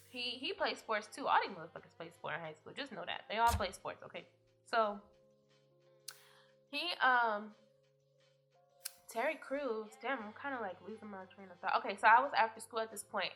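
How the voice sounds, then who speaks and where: A woman's voice: mid-range voice, sharp tone. A young woman vlogger telling a rambling story time in a casual, profane way, often laughing.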